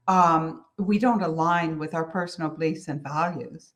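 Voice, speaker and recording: A woman's voice: low-pitched, moderate pace, few pauses, fairly bright tone. A woman business coach giving earnest, conversational advice, circling back to repeat her key points and mispronouncing a few words. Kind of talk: solo business advice talk.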